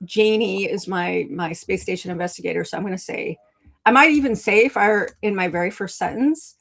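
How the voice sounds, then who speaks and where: Woman, mid pitch, live stream host, casual teaching, chatty with viewers, video call mic. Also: poor audio. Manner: chatty, addresses viewers in the chat. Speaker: writing coach and live show host.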